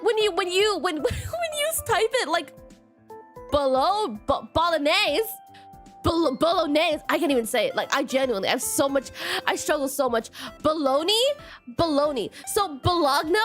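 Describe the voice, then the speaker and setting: A high, lively woman's voice on a casual live stream, giggling and laughing at herself as she trips over tricky words. Her pitch swoops up and down all the time, and faint music plays behind her. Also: normal speed. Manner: giggly, self-deprecating, stumbles over words.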